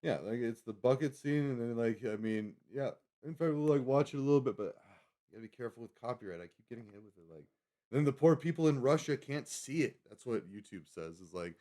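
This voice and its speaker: This man hosts a live stream in a loose, casual way. He wanders from one thought to the next and keeps correcting himself. His voice sits at an ordinary pitch for a man. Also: animated, fast, dark tone. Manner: rambling, lots of fillers and self-corrections. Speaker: livestream host. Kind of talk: casual livestream chat.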